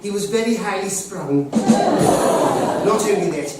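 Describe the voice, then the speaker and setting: An actor playing a brash, widowed pantomime dame nanny who cracks bawdy jokes at the audience, recorded from far back in an echoey theatre with a noisy crowd. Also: male voice, high-pitched, takes it slowly, loud music behind the voice. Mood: cheeky. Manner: bawdy joking audience address. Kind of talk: pantomime stage acting. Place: large theatre stage.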